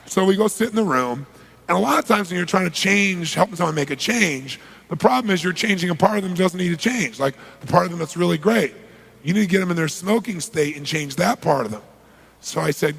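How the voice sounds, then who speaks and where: A man giving a live seminar as a motivational speaker. He tells stories in a raspy voice and shouts animatedly when he reenacts scenes. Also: high voice, expressive, a little fast. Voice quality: raspy, gravelly.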